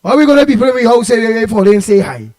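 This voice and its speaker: A Trinidadian man hosts a live stream in a high, bright-pitched voice. He rambles and repeats himself, stumbling over words, and teases the viewers in loose, playful chat. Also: big pitch swings, fast. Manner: playful, teasing banter. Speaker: host of an online talk show.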